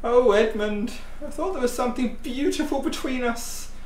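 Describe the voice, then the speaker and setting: A man voicing a high, wounded young nurse. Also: moderate pace, distant mic, a little hiss or hum. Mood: hurt pleading. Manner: pleading, wounded. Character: young British nurse exposed as a spy. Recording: roomy echo, off-mic.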